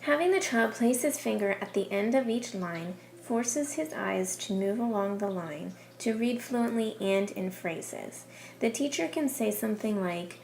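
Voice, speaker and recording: Woman reading teacher, clear, patient, encouraging, instructional, middle pitch. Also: expressive, unhurried, a little mellow, a little hiss or hum. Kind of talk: instructional coaching and voice-over.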